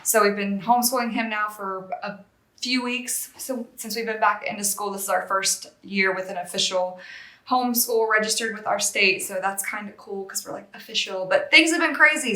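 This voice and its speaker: Chatty woman with a bright voice. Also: mid-range voice, reverberant. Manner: chatty and rambling, self-deprecating asides. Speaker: regular guest presenter of a board game channel. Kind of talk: casual chat reading out a game box.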